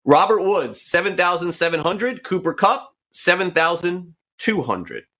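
A male sports show host talking in a casual, brisk way as he runs through players and their prices. His voice sounds bright and crisp, sitting a little higher than most men's. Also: sing-song.

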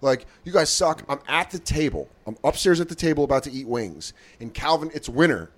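A man's voice: mid-range voice, big pitch swings, brisk. A man co-hosting a comedy podcast from the studio, rambling through a story and acting out the quotes. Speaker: podcast co-host. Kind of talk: casual comedic chat.

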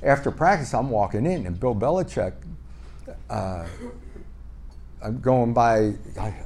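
A man with a voice of ordinary, middling pitch tells stories in a relaxed, chatty way. He acts out both sides of old conversations and pokes fun at himself as he goes. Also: a little slow, slight background noise. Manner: lively, re-enacts dialogue with "I go, he goes"; self-deprecating and playful. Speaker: podcast guest. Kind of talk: casual anecdotal storytelling.

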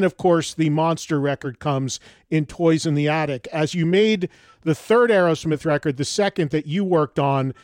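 Male radio host, higher register, enthusiastic interviewer, dry booth sound. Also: darkish tone, no echo. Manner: enthusiastic, leading questions.

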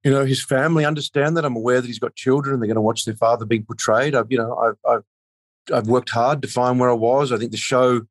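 Guy actor chatting in an interview, rambles, lots of you-knows, mid-pitched, dry mic. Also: fairly even intonation, quick pace, no echo. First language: not a native of the country he is speaking about. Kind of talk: casual interview chat.

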